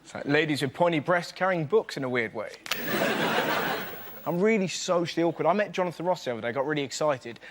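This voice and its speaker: A man doing a cheeky stand-up routine as a comedy panelist, telling stories in a quick, mocking way. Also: on the high side, expressive, a little hiss or hum.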